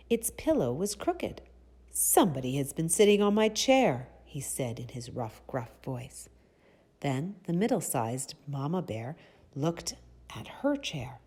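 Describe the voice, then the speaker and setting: A woman reading a picture book aloud to children in a soft, breathy, expressive way, pausing to ask them questions. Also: deep voice. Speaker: children's storyteller.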